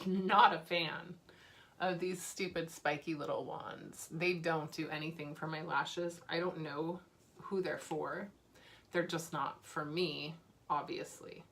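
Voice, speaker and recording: In a low voice with a fairly bright tone, a beauty vlogger talks openly and informally about the makeup products she's finishing, dropping in fillers and little laughs.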